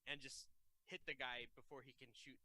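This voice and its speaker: A man playing in a tabletop role-playing game, excitable and quick to giggle as he thinks aloud. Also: medium pitch. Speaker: player.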